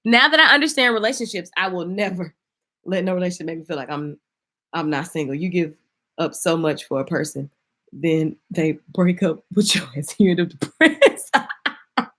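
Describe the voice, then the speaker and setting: Bright-voiced woman chatting on a livestream. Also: lowish voice, a little fast. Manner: chatty, laughing, talks straight to viewers as y'all. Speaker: livestream host selling an online course. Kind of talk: casual livestream chat. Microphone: phone.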